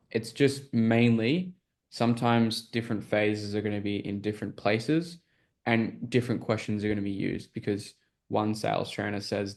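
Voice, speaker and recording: A man's voice: lowish voice, vocal fry, darkish tone. A man coaching a group on a call, explaining sales questions in a casual, filler-heavy way and often checking that listeners follow.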